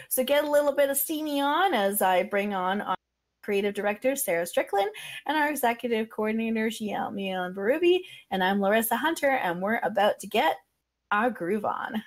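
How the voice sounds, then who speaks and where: A woman hosting a podcast, talking in a relaxed, chatty way with plenty of fillers. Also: fairly high pitch. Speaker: podcast host. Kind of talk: casual podcast chat.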